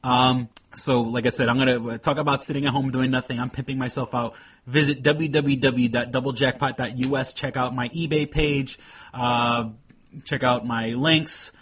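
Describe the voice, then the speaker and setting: A man's voice: mid-range voice, fairly even intonation, moderate pace, a bit bright, husky. A man co-hosting a casual podcast, rambling along with lots of "you know" and blunt swearing. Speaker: podcast co-host.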